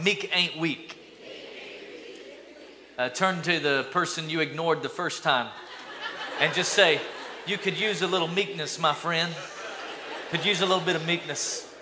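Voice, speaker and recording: Male pastor, upbeat sermon, bright tone, banters with congregation. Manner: energetic, playful, calls for responses from the congregation; acts out mock voices with sudden high-pitched bursts.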